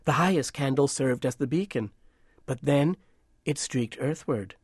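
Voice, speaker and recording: A man narrating a storybook in a measured, hushed, gentle way. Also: medium pitch, expressive, slightly rough, dry recording, clean studio sound.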